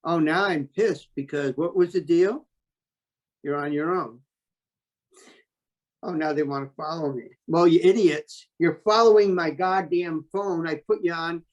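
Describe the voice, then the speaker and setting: A man telling a story as an interview guest, talking in a blunt, animated way and swearing freely. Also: on the high side, a little slow, muffled recording. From New York State. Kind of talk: casual storytelling.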